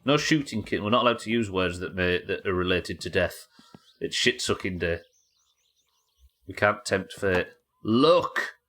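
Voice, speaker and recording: On a live stream, a deep-voiced man gives casual commentary on the game he's playing, speaking at a moderate pace with a bright, forceful tone. He's chatty and jokey, and he doesn't hold back on the swearing.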